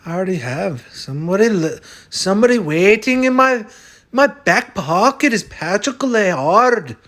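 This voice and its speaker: A man's voice: high voice, big pitch swings, unhurried, fairly bright tone, full character voice. A man playing a brash, stubborn character who claims to be Irish, talking in a blunt, boastful way with some swearing in a comic sketch. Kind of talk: comic sketch over a fantasy lineup.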